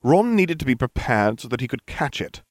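A man voicing a bossy, studious teenage girl who is a witch, in a higher, precise, exasperated tone. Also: very animated, moderate pace, no echo, studio quality, natural voice. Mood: earnest, bossy.

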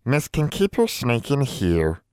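Male narrator as elderly she-elf servant: slow, peculiar, third-person, worried. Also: medium pitch, wildly swooping pitch, a little mellow, smooth, no echo, clean studio sound, voice pushed up. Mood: fretful. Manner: speaks of herself in third person, slow and odd. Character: old female house elf, anxious and devoted.

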